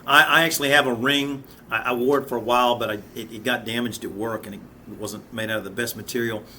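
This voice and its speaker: A man's voice: mid-range voice, fairly even intonation, fast, sharp tone, slight background noise. A man in his fifties teaching a Bible study in an earnest, conversational way, often restarting and repeating words. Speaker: Sunday school teacher.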